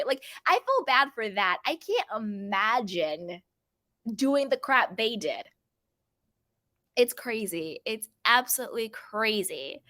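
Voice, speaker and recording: A woman's voice: fairly high pitch, lively intonation, unhurried, bright, forceful tone. A young adult woman hosting casual reality TV gossip commentary, chatty and emphatic, often repeating phrases for emphasis. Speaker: pop culture commentator.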